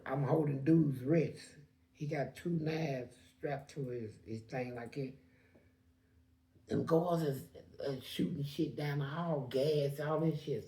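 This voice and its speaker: A man casually telling a story, acting out the voices in it, swinging between loud shouts and low murmurs. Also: a little slow, gravelly, reverberant. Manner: animated, acts out quoted voices, swings loud and quiet.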